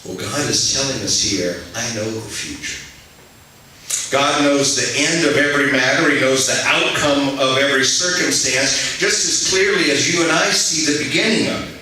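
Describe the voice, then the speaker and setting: Bright-voiced male pastor in an echoey church. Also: medium pitch, moderate pace. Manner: conversational preaching, asks the congregation questions. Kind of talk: sermon. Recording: echoey hall, mic at a distance.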